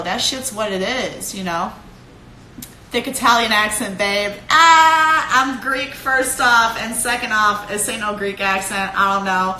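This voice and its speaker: A young woman from Cleveland giving a profane, animated pep talk to followers on a live phone stream, laughing often. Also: fairly high pitch, roomy sound, a little hiss or hum, low-quality recording. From Cleveland, Ohio.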